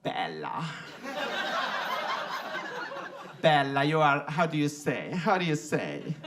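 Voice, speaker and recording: A man's voice: fairly high pitch, sing-song, background noise, voice pushed down. A man doing a crooning Italian flirt. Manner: slow, crooning, searching for words. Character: smooth-talking Italian man flirting in halting English.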